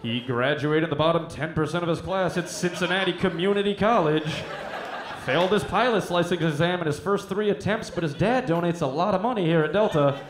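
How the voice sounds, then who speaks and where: A man playing an airline announcer who hypes up a pilot like a club act, in a loud announcing manner. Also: on the high side, brisk, close to an everyday voice. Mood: hyping. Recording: echoey club, clicking noise.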